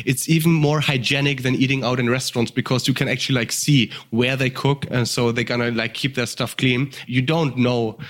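A man's voice: medium pitch, steady tone, brisk, hardly any pauses. A man chatting as a podcast guest, rambling enthusiastically and peppering his talk with filler words and swearing. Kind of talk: casual storytelling chat.

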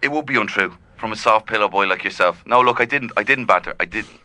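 A man's voice: lowish voice, fast talker, dry recording. A man playing a brash, overwrought young caller who boasts he is hard. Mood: gruff. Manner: boastful, overwrought, swinging between shouting and mumbling. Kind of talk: improvised comedy.

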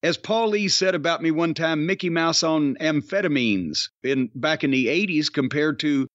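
A man's voice: a little high, moderate pace, a bit bright, no room sound. An older man hosting a podcast, rambling and swearing freely in casual chat. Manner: profane, rambling, does mocking voice impressions. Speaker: podcast host. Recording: dull dry lo-fi sound.

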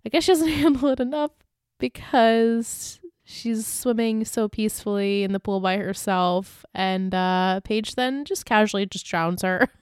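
A woman's voice: mid-range voice, measured pace, clear, resonant tone, no echo, clean studio sound. A woman co-hosting a podcast, chatting casually and retelling scenes with quoted lines and laughs. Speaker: podcast co-host. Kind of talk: casual recap chat.

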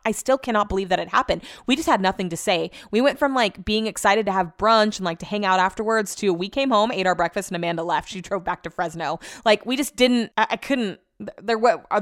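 A young adult woman casually retelling a personal story, emphatic and animated, with lots of filler words. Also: medium pitch.

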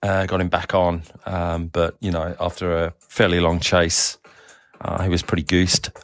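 A middle-aged man with a mix of Australian, South African and English accent, talking in a relaxed, rambling audio diary full of ums and uhs. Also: low voice, moderate pace. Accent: mixed Australian, South African and English. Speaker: cycling team manager.

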